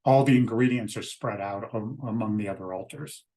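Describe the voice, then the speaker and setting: A man leading a ritual, explaining it step by step in a steady, methodical way. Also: fairly low pitch, normal speed. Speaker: ritual leader.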